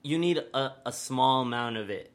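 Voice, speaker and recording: A man's voice: mid-range voice, moderate pace. A young man co-hosting a podcast, telling a story in a loose, rambling way, laughing often and swearing casually. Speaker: podcast co-host.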